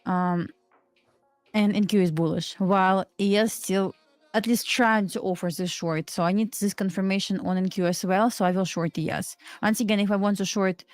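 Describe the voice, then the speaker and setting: Woman trader walking through her setups on a stream, steady, lots of uh and like, dry close sound, faint music. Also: mid-range voice, moderate pace, no room sound. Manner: steady, explanatory, with frequent "uh" and "like". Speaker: trader on a live trading show. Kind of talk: casual live-stream chat.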